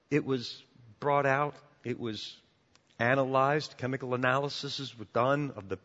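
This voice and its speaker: A man preaching a sermon as pastor, animated and emphatic, often repeating words as he builds to his points. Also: medium pitch. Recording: dull sound with long church reverb.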